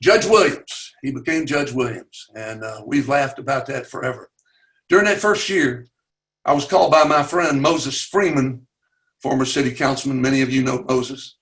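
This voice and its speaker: Older Southern man, earnest storyteller, halting with fillers, voice rising at key moments, mid-pitched, video call. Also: a bit bright. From Chattanooga, Tennessee. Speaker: webinar guest speaker. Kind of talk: personal storytelling.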